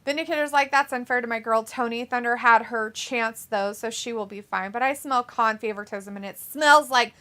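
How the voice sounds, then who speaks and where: Bright-voiced, blunt woman reading chat. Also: a little high, brisk, few pauses. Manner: blunt, profane, laughs often. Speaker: live stream co-host reading chat. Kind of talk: casual chat.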